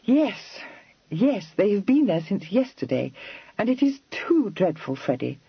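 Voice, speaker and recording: A man voicing a spirited, quick-tempered young Regency heiress in an audiobook, talking in an impatient, exclaiming rush. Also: high voice, very animated, creaky, breathy edge, no echo, lo-fi sound, pitched above the performer's own voice, exaggerated voice. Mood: urgent.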